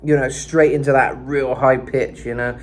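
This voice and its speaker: A man giving a casual vocal lesson, chatting about singers' tones and breaking into gritty high sung and screamed demonstrations. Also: little pitch movement, moderate pace. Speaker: vocal coach.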